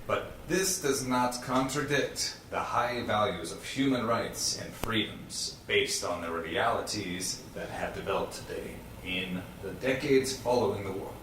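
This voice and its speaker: A man putting on a Russian accent to read a head of state's formal war speech slowly and solemnly, in an echoey studio away from the mic with some noise. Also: fairly low pitch, far from the mic, natural voice. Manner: slow, solemn reading in a put-on Russian accent.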